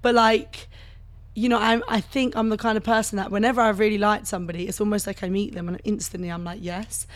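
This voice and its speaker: A woman's voice: medium pitch, flat delivery, fast. A young woman, chatting casually as an interview guest, full of "like" fillers and easy laughter. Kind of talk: casual chat.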